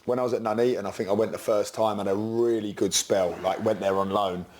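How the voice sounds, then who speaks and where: A man's voice: fairly low pitch, steady tone, fairly quick, darkish tone, slight background noise. A middle-aged man, a former footballer, telling a rambling story on a casual podcast with lots of "like" fillers.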